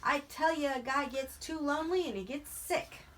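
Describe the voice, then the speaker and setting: A lonely, bitter older ranch hand, as a woman reads him in a storybook audiobook. He talks in a loud, raised, earnest rural drawl, pressing his questions hard. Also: sits high, moderate pace, a little hiss or hum, pitched above the performer's own voice. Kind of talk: audiobook reading.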